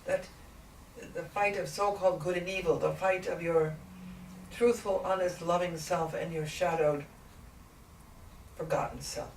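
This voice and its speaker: A woman in trance channeling a gentle, patient ancient male spiritual teacher, speaking slowly and deliberately with many rhetorical questions. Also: on the low side, steady tone. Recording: echoey room, distant mic, faint noise.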